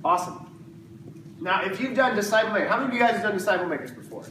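A man's voice: high voice, big pitch swings, racing, fairly bright tone. A man teaching the Bible to a small group in casual, jokey talk, acting out voices of the disciples. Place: room with a live group. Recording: echoey room, distant mic, noisy background.

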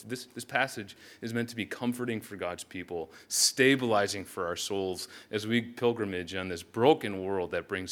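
A man's voice: lowish voice, fairly bright tone. A man preaching a sermon as pastor, earnest and reflective, often restarting his sentences.

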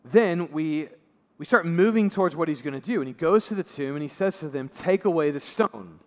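A male pastor giving a sermon in a conversational way, dropping his voice low and soft for emphasis. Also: lively intonation, a little fast. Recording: long reverb of a large hall.

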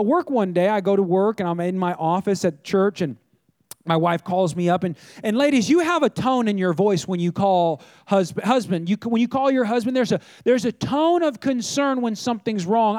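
High-voiced pastor, chatty and direct. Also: male voice, lively intonation, fairly quick, a little mellow, no echo, studio quality. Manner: chatty storytelling, addresses the audience directly. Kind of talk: conversational sermon.

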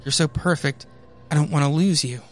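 A man's voice: a little high, a little fast, soft background music, lightly acted. A man voicing a frightened, abused young woman who pleads desperately. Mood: longing.

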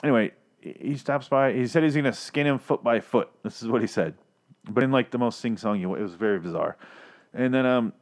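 A man's voice: medium pitch, a little fast. A man casually reviewing a TV episode, rambling and swearing with frequent restarts. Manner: rambling, profane, many restarts. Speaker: podcast host reviewing a TV episode.

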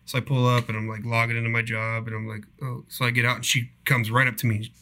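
A man's voice: medium pitch, level tone, quick pace, sharp tone, a little hiss or hum. A young man telling a rambling, profane work story in a casual podcast chat.

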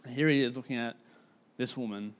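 Casual storytelling male preacher. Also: mid-range voice. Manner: casual, filler-heavy, slows down for emphasis. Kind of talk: conversational sermon storytelling.

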